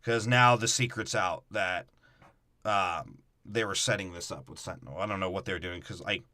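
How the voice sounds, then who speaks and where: A man with a bright, forceful voice riffs crudely on a film as podcast co-host. His talk is loose and full of swearing. The sound is close and dry. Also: deep voice, moderate pace, no room sound. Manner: crude, profane, joking. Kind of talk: casual comedic movie breakdown.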